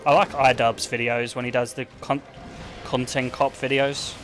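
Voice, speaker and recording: Rambling young male streamer, mid-pitched. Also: little pitch movement, moderate pace, a bit bright, slight background noise. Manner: rambling, offhand, peppered with "like" and swearing. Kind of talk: casual livestream chat while gaming.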